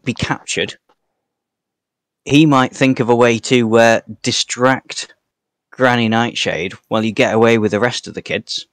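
A man guiding players through a tabletop game as game master. He describes the scene at a middling pitch, sometimes stumbling over words. The recording is dry and close. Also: fairly even intonation, a little slow, fairly bright tone, no room sound. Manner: descriptive, hesitant.

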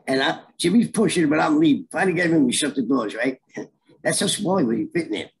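A man's voice: on the high side, quick pace, rough recording. A middle-aged man telling a story in a casual, streetwise way and acting out the voices in it. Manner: animated, streetwise, acts out voices in his stories. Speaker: storyteller guest.

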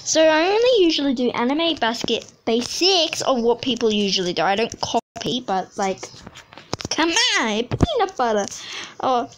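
A woman's voice: a little high, very animated, moderate pace. Chatty profane teen girl, noisy recording. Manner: profane, rambling, easily sidetracked. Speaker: animation channel creator. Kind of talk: casual rambling chat while drawing.

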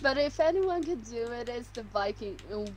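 A woman playing a video game with her partner, giggly and excitable in casual chat. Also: on the high side, normal speed, a loud crowd. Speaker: co-player.

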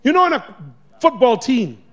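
A man preaching a sermon in a church, exhorting the congregation and swinging between loud shouts and quiet asides. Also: very high-pitched, wildly swooping pitch, moderate pace. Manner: exhorting, calls on the congregation to respond. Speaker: pastor. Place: church sanctuary.

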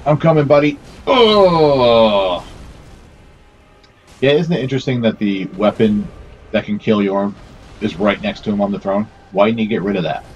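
A man's voice: fairly low pitch, brisk, darkish tone, dull audio, slight background noise. A man giving casual let's play commentary, swearing, scolding himself and talking to the characters on screen. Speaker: gameplay commentator.

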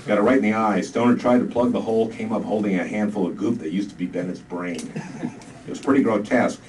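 A man reading his own comic book aloud to a live audience with dry, deadpan delivery. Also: fairly low pitch, fast. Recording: distant mic, noisy live room.

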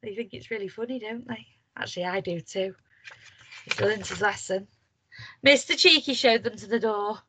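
There's a little hiss or hum behind this woman's mid-range voice, which moves at a moderate pace. A primary school teacher, she reads a picture book aloud to young kids in an animated way, asking them questions as she goes.

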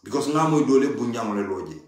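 A man's voice: mid-range voice, animated, a little fast. A man giving an impassioned political monologue, emphatic and pleading, repeating his key points. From Gambia. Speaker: party supporter giving political commentary. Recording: very echoey room.

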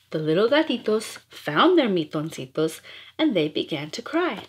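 A woman's voice: mid-range voice, very animated, moderate pace, husky. A woman reading nursery rhymes aloud in a playful, rhythmic, sing-song way. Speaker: storyteller.

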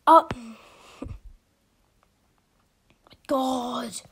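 A woman's voice: a little high, slow, pauses often, darkish tone, slight background noise. A woman giving casual gameplay commentary, frustrated, often dropping to a whisper. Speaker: gaming video creator.

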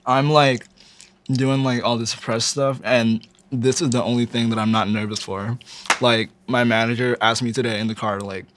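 A man's voice: mid-range voice, level tone, normal speed, noisy background. A young man from Indonesia, a rapper guest in a casual interview, talking in a laid-back, slangy way and laughing often. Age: young adult.

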